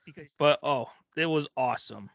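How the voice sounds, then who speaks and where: A man's voice: fairly high pitch, moderate pace, gravelly, fairly bright tone, no room sound, muffled recording. A man hosting a comedy podcast, telling stories animatedly, laughing often and acting out quotes. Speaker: podcast host. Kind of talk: comedic storytelling chat.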